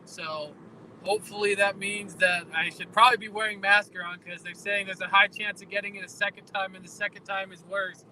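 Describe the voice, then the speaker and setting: A man chatting casually on a comics livestream, rambling and halting with many restarts. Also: high-pitched, level tone, bright, forceful tone, rough recording. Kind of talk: casual chat.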